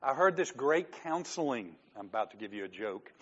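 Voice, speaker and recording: A man's voice: mid-range voice, sing-song, a little fast, fairly bright tone, muffled recording. A man preaching a sermon as pastor, talking conversationally, joking with the congregation and acting out quoted lines.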